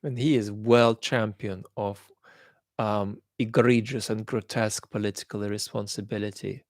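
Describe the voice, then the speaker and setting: A man's voice: lowish voice, steady tone, normal speed, a little mellow, no room sound, clean studio sound. A man hosting a live stream, reading out viewer comments, with a mixed accent that holds traces of Australian and London. He talks thoughtfully, with many ums, and turns blunt when he judges. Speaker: livestream host.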